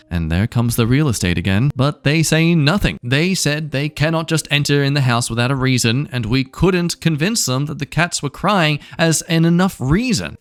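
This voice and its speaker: Aussie guy reading stories out, voice kinda worn, wry asides, mid pitch, dry close mic. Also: no echo. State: voice worn and giving out. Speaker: channel host reading stories aloud. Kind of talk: reading online stories with casual commentary.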